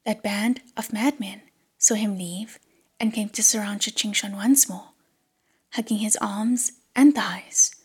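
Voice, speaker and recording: A woman narrating an audiobook in a hushed whisper. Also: medium pitch, unhurried, husky.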